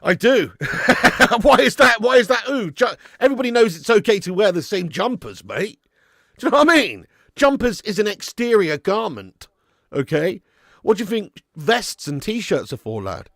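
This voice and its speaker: A man's voice: high voice, a bit bright, no echo, clean studio sound. A man hosting a live football watch-along stream, bantering and laughing as he reads out viewer messages.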